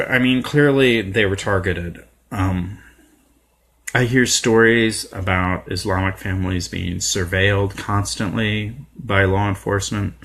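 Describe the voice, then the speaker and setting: Man, gravelly low voice, impassioned political monologue, swears a lot, irate. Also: fairly bright tone. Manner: irate, profane, with fillers and repetitions. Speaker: video blogger.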